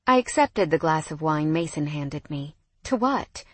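A young adult woman narrating a first-person romance audiobook in an expressive, wry manner. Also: low voice, normal speed, no echo.

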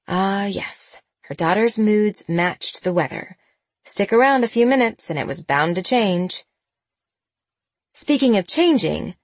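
A woman narrates a novel in a lower register with an even storytelling manner. The recording is dry and close-miked, with no room sound. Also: no echo. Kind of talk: audiobook narration.

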